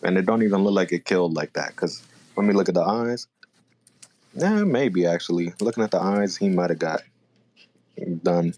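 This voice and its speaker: A man co-hosting a podcast, chatting casually about a manga chapter and thinking out loud as he goes. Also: low voice, moderate pace, pauses often. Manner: laid-back, thinks aloud, self-correcting. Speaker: podcast co-host.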